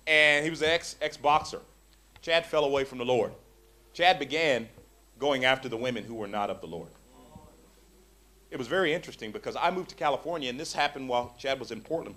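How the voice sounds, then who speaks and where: A middle-aged man preaching a sermon in a church, acting out the voices of the people in his stories. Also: fairly high pitch. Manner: animated, acts out quoted voices. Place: church hall.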